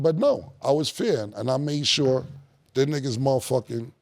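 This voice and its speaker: A middle-aged man, a guest in a podcast studio, telling stories in a casual, animated way with plenty of slang and profanity and acting out other people's lines. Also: medium pitch, moderate pace, vocal fry. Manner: animated, acts out quoted dialogue, heavy slang and profanity. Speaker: guest rapper in a studio conversation. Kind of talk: casual storytelling.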